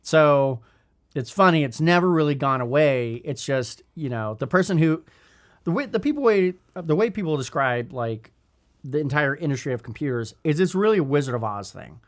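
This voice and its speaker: A man's voice: on the high side, expressive, normal speed. A man in his thirties co-hosting a leadership podcast, talking in a thoughtful, rambling way with many restarts. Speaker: podcast co-host. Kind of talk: casual leadership podcast chat.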